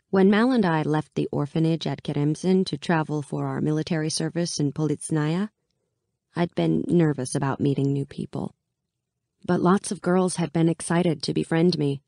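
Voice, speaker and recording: A woman narrating a first-person audiobook in a wry, even storytelling manner, close to the mic. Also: low-pitched, vocal fry, no room sound.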